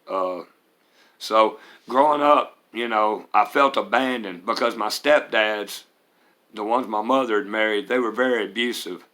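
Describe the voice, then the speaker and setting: Speaking with a lowish voice that is still bright and forceful, this man recounts his recovery story as a vlogger. He's in his forties, has a Mississippi accent, and talks about his life in a frank, plain-spoken manner marked by hesitant fillers.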